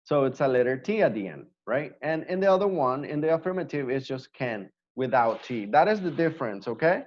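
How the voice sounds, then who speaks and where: A man's voice: medium pitch, lively intonation, a little fast, dull audio. A man teaching an online English class, patiently repeating words to drill pronunciation.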